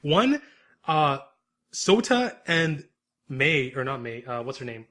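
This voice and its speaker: A man co-hosting a podcast, recapping an episode in a lively, rambling, casual chat. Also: a little high, slow pace. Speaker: podcast co-host.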